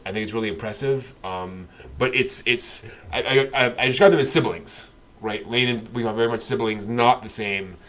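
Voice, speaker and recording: A man's voice: fairly low pitch, a bit bright, slight background noise. A man co-hosting a casual anime discussion, rambling with many fillers and restarts. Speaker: podcast co-host.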